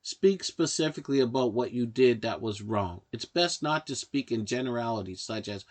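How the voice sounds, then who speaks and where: Man reading out a how-to guide, calm and measured, mid-pitched, speaks right to you. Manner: calm, measured, advising directly. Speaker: narrator of a self-help guide. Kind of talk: instructional narration.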